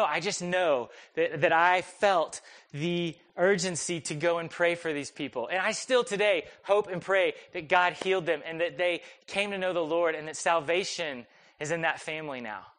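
A young man preaching a sermon, telling a personal story in a conversational, animated, self-deprecating way. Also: on the high side. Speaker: pastor.

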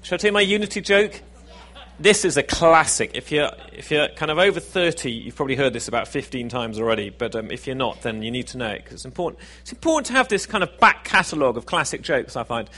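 A man's voice: mid-range voice, lively intonation, fast, bright, forceful tone. Guy preaching a sermon, chatty, cracks jokes at himself. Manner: conversational, self-deprecating, jokey.

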